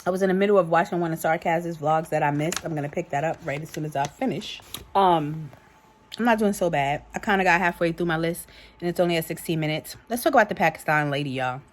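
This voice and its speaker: A woman in her thirties talks straight to her viewers with a New York accent, chatty and animated. Her voice sits a little low for a woman. She sounds loose and a bit tipsy, calling the audience y'all as she rambles through her thoughts. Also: quick pace. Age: 30s. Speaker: vlogger. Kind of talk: casual chat to camera.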